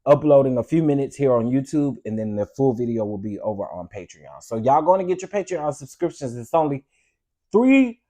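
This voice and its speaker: Animated man hosting a live stream. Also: medium pitch, brisk. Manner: animated, preachy, addresses viewers as y'all. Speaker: host. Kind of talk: casual live-stream chat.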